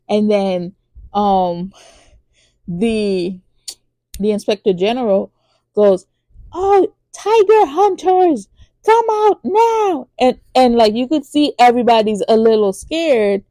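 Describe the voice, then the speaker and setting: A woman hosting a podcast who recaps a TV drama in a casual, animated way, with lots of fillers and acted-out lines. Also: slow, no room sound. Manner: acts out characters' lines in high voices. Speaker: podcast host reviewing a TV drama.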